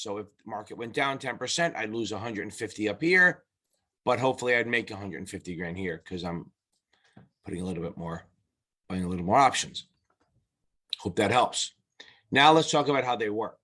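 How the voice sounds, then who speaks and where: Man, exam tutor, bright tense voice, loose conversational delivery, restarts and swearing. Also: mid-range voice, normal speed. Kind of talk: casual lesson explaining at a whiteboard.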